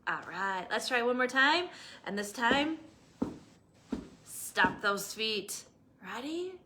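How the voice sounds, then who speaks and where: A young woman, a children's librarian, reading a picture book aloud to young children with an expressive, engaging manner. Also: on the high side, slow, noisy background. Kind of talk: children's storytime read-aloud.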